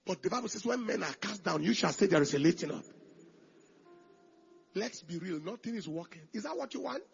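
A man preaching a sermon with emphasis, repeating phrases and swinging from hushed lines to shouted declarations. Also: high-pitched, lively intonation, fairly quick, vocal fry, breathy edge, lo-fi sound, faint music behind. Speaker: pastor.

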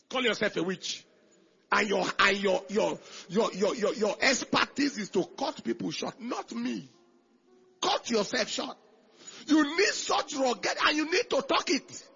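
This male pastor preaches with a high, bright voice carrying heavy rasp and a gravelly edge, animated and a little slow. He repeats phrases, sinks to near whispers, then shouts declarations, all on a dull, lo-fi recording.

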